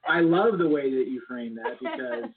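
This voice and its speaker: A man's voice: mid-range voice, animated, normal speed, crowd noise. A man talking as a guest in a casual interview, earnest and reflective, sometimes restarting his sentences. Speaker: business club founder, guest. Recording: tinny phone-like line.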